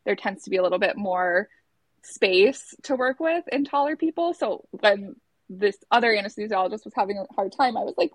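A woman in her thirties telling a personal story in casual conversation, talking fast and loose with lots of "like" and acting out what others said. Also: a little high, dry recording. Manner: chatty, many filler "like"s, acts out quotes.

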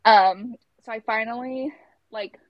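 A woman's voice: a little high, steady tone, measured pace, no echo, lo-fi sound. A young adult woman, a labor and delivery nurse, casually telling her birth story in a chatty way. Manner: chatty, acts out quotes in a raised voice.

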